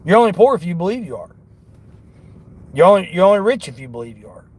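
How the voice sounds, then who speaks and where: A man's voice: sits high, big pitch swings, fast talker, darkish tone, husky. A man vlogging from his car on delivery runs, talking in an earnest, rambling, motivational way. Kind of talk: casual talk while driving.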